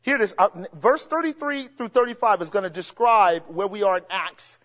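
High-voiced preacher in an echoing hall. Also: male voice, moderate pace. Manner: emphatic, swings between shouts and low murmurs, asks the crowd rhetorical questions. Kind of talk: sermon. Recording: dull sound with long hall reverb.

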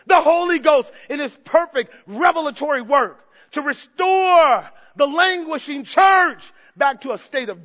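Male preacher, very high and bright voice, fervent sermon, hushed-to-shouting, dull lo-fi recording. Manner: asks the congregation rhetorical questions.

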